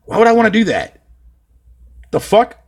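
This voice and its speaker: A man's voice: sits high, very animated, normal speed, creaky, a little mellow, slightly rough. A young man from Canada chatting on a live stream, reading his chat aloud with profane, mocking banter.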